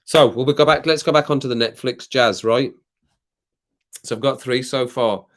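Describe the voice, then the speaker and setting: A relaxed British man hosts a late-night live stream and talks easily to the viewers in the chat. He rambles, laughs a lot and reads their comments out loud between sips of rum, with a cough now and then. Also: mid-range voice, moderate pace. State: drinking rum, occasional coughs.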